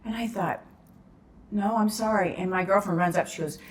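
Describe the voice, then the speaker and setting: A woman's voice: medium pitch, moderate pace. A woman, a podcast guest telling a story in casual conversation, acting out the voices in the dialogue.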